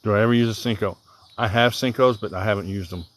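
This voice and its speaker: A man's voice: fairly low pitch, steady tone, fast talker. A man from Southern Illinois with a mild Southern accent, chatting casually and rambling on a live stream while fishing outdoors. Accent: Southern American. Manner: rambling, easygoing, thinks aloud, reads out viewer comments. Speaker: livestreaming angler. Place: outdoors by the water.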